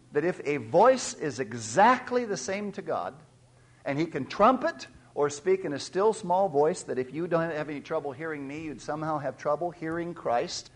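Animated man preaching a sermon. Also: a little high. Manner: emphatic preaching that swells loud on key points; teacherly, asks the listeners questions. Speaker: pastor.

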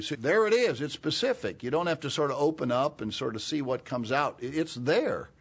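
A man preaching a sermon. He explains words slowly and clearly, then builds to urgent, emphatic calls. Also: a little high, expressive. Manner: expository, spells out Greek words, rises to urgent emphasis.

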